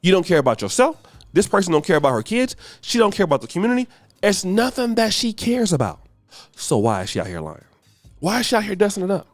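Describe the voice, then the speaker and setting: A man from the United States hosting a podcast, delivering a ranting commentary monologue in a preachy, emphatic way that swings from shouting to muttering. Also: sits high, huge pitch swings, fast talker, no room sound. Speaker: podcast host.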